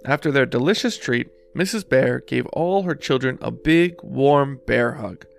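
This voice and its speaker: A man hosting a show where he reads a children's picture book aloud in an expressive storytelling voice. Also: medium pitch, unhurried, gravelly, soft background music. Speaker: host reading children's books.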